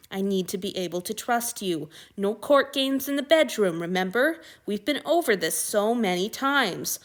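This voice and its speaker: A woman's voice: mid-range voice, lightly acted. Woman voicing Marcus, a cool condescending male lover. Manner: smooth, chiding, patronizing. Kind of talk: audiobook reading of fan fiction.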